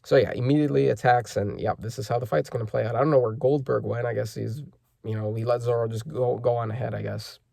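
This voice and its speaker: A man's voice: mid-range voice, fairly even intonation, fast talker, vocal fry, dark tone, no echo, studio quality. A man hosting a casual manga chapter reaction, rambling with lots of fillers and self-corrections as he reads panels aloud.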